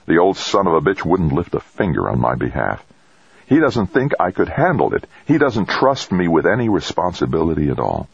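A man's voice: a bass voice, lively intonation, normal speed, vocal fry, breathy edge, dry recording, heavily acted. A man reading an audiobook, voicing a resentful, driven young explorer who talks bitterly. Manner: bitter, determined. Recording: dull dry lo-fi recording.

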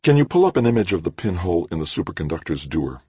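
A man's voice: deep voice, big pitch swings, racing, warm tone, breathy edge, dry recording, voice pushed up, full character voice. A man voicing a serious, businesslike woman scientist in an audiobook, curt and focused. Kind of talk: audiobook character voice.

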